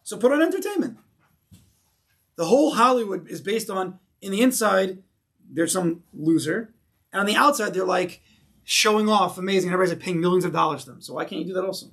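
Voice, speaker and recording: Male rabbi, slightly high voice, lively teaching style, acts out stories. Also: fast, creaky. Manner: animated, acts out stories, rhetorical questions. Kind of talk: conversational Torah class.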